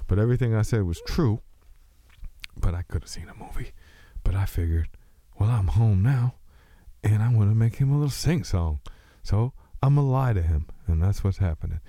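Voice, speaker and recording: Deep-voiced man with a slight Texas twang. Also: expressive, moderate pace, warm tone, no echo. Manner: loose, joking, meandering, self-mocking. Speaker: podcast host. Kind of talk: rambling solo podcast monologue.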